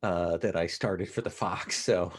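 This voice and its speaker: A man with a somewhat low voice talks through his thoughts after a tabletop game, hesitating and restarting often. His delivery is loose and casual. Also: fairly even intonation, unhurried, slight background noise. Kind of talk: casual post-game feedback.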